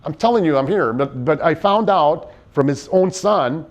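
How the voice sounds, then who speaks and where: A man in an interview, giving personal testimony in a halting, earnest way with many restarts. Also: a little high, expressive. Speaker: interviewee in a docuseries.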